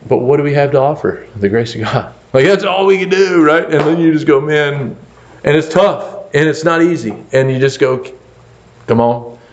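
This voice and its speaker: A man, a pastor, telling a story in a conversational lecture, animated and full of fillers like "like" and "you know". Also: mid-range voice. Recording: echoey room, dull lo-fi sound.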